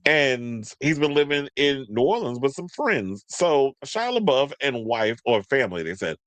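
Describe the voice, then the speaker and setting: A man's voice: mid-range voice, sing-song, a little slow, fairly bright tone, no room sound. A man hosting a celebrity gossip show, chatting casually in a sassy way with slang asides as he reads out news items. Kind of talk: casual commentary, reading news aloud.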